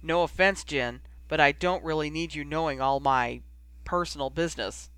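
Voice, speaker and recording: Male reader playing a gruff, embarrassed teen boy, bright close voice. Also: a little high, normal speed, no room sound, natural voice. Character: teenage boy, gruff, embarrassed older brother.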